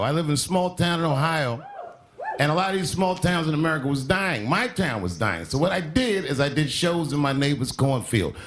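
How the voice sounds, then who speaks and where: A male stand-up comedian doing a monologue. He swings between deadpan and sharp outbursts. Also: fairly high pitch. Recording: TV broadcast with live audience laughter. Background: studio audience laughing.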